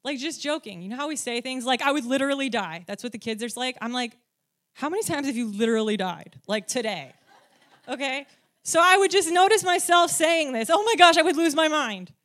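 A woman with a fairly high voice gives a relaxed, conversational faith teaching. She fills her talk with "like" and "um" and keeps checking in with her listeners, asking "right?" and "okay?". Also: brisk. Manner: frequent "like" and "um" fillers. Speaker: Christian speaker teaching on faith.

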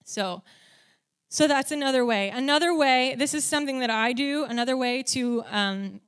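A woman with a fairly high voice gives a relaxed, conversational faith teaching. She fills her talk with "like" and "um" and keeps checking in with her listeners, asking "right?" and "okay?". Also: normal speed, smooth. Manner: frequent "like" and "um" fillers. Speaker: Christian speaker teaching on faith.

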